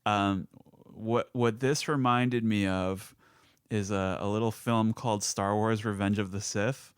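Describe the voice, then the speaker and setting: A man guesting on a podcast, talking in a hesitant, halting way with many restarts. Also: fairly low pitch, steady tone, clean tone, no echo, clean studio sound. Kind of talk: casual podcast chat.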